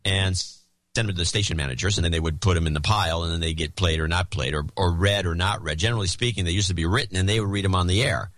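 A man's voice: low voice, fast talker, fairly bright tone, dry recording. A man co-hosting a podcast in casual chat, rambling and explaining at length with dry humor. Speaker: podcast co-host.

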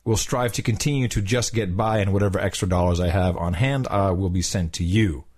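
A man's voice: low-pitched, fairly quick, husky. A man co-hosting a podcast, joking around while he reads listener notes. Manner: joking, lively, breaks into mock singing. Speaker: podcast co-host. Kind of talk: casual banter reading listener notes. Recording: remote call line, drops in and out.

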